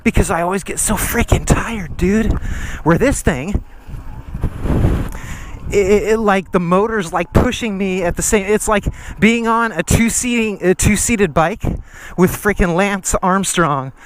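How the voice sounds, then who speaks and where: Out-of-breath man, slightly high voice, slangy rambling vlog talk, outdoors on a trail. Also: a little slow, background noise. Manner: slangy and rambling, says dude and freaking. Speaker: vlogger. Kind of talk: casual vlog talk while riding.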